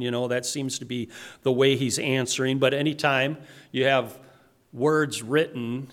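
A man's voice: medium pitch, normal speed, a bit bright. A man teaching through a Bible passage verse by verse, explaining it in plain everyday paraphrase and often restarting his sentences. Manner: frequent restarts and repeated words.

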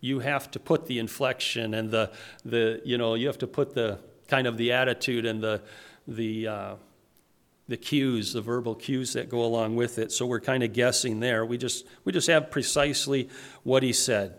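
A man's voice: medium pitch, steady tone, moderate pace. A man teaching through a Bible passage verse by verse, explaining it in plain everyday paraphrase and often restarting his sentences. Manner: frequent restarts and repeated words.

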